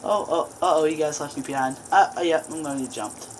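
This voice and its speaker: A woman's voice: low voice, fast talker, background noise. A woman doing horror game commentary, jumpy, breaking into screams and laughs at the scares. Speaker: gaming video host.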